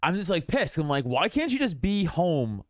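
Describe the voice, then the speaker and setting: A man's voice: a little high, big pitch swings, moderate pace, dry recording, studio quality. A young man co-hosting a podcast, telling a story in casual chat, acting out quoted voices and laughing often. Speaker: podcast co-host.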